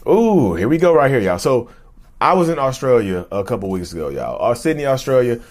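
A man hosting his own vlog in casual, animated talk, rambling with slang and frequent restarts. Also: mid-range voice, fairly quick. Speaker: YouTube host.

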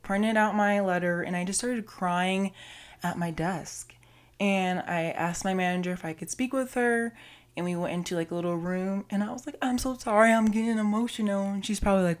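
A young woman, hosting her podcast in a bubbly, gushing, chatty way. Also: on the low side. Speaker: podcast host. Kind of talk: solo podcast intro.

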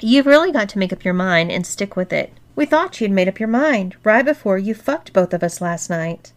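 A sly young woman purrs her taunts sweetly, played by a woman reader. Her tone is playful and mocking, at a mid pitch. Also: animated, moderate pace, close to an everyday voice.

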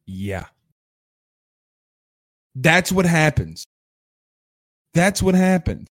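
A man from Louisiana hosts a sports livestream in a fired-up, combative rant. His voice sits high for a man, and his tone is sarcastic. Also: big pitch swings, very slow. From Louisiana, USA. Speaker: sports show host.

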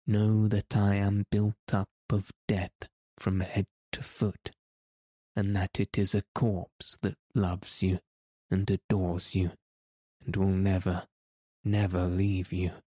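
A man's voice: low-pitched, completely flat delivery, slow pace, warm tone, no echo, studio quality. A man voicing a masked phantom, tormented and menacing, with a brooding, pleading manner in an audiobook reading. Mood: anguished.

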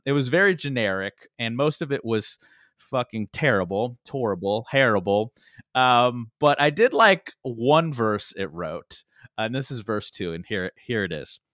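A male podcast co-host talks casually, laughing often and dropping the odd curse. His voice is very lively, swooping up and down as he tells a story. The sound is close and dry. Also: medium pitch, dry recording.

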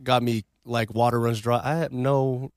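A man who is a podcast guest in casual chat, laid-back and soft-spoken, sometimes singing along. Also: mid-range voice, fairly even intonation, normal speed, no room sound, studio quality.

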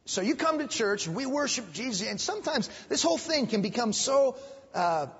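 In a church hall, a man pastor teaches Sunday school in a very high-pitched, sing-song, fairly bright voice at normal speed. He preaches emphatically, repeating phrases and raising his voice on key points. The dull recording carries long hall reverb and a little hiss or hum.

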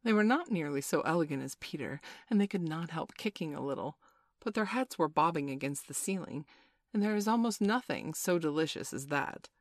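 A woman reads a children's storybook aloud as narrator, measured and gently playful. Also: sits low, lively intonation, dry recording, clean studio sound.

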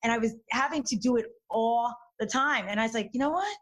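A woman talking candidly in a casual conversation, animated, with many restarts and fillers. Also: fairly high pitch, brisk.

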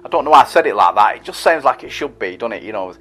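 A man's voice: mid-range voice, expressive, fast, sharp tone. A middle-aged man who hosts a podcast and reads out listener messages in a chatty, rambling, self-deprecating way. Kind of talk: casual monologue.

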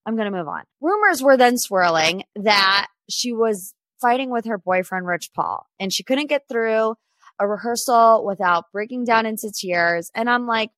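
A woman's voice: a little high, lively intonation, moderate pace, fairly bright tone, dry recording. A woman in her twenties hosting a casual pop culture podcast, chatty and opinionated. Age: 20s. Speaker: podcast host.

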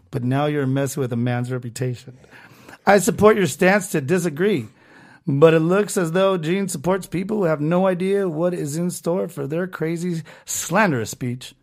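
A man hosting a podcast, ranting casually and with lots of swearing while reading comments aloud. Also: fairly high pitch. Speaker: podcast host.

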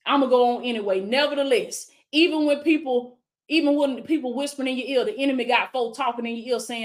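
Woman coach, a bit high-voiced, preacherly live-stream pep talk full of affirmations. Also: quick pace, few pauses. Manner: fervent, repeats affirmations, calls viewers baby; preacherly call-and-response with viewers. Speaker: life coach.

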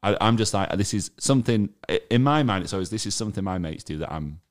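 A man's voice: lowish voice, expressive, fast talker. A young man, co-hosting a casual podcast chat, hesitant and full of restarts, laughing easily. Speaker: podcast co-host.

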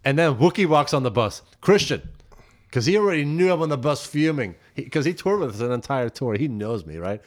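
A man from Belgium, a musician guest on a podcast, telling stories in an animated, profane, casual way. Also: medium pitch, fast, few pauses. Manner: animated, profane, heated when retelling. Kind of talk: casual storytelling chat.

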